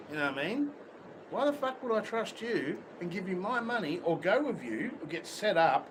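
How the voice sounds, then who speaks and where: A man's voice: high-pitched, very animated, a little fast. An Australian man livestreaming outdoors near a beach, talking bluntly and swearing constantly in casual chat. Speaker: livestream host. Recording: outdoor street noise with traffic.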